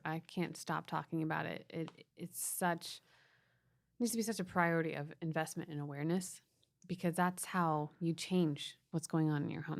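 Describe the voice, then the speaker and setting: A woman with a lowish voice co-hosts a casual parenting podcast. She talks freely and offers practical advice. She laughs easily along the way. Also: creaky.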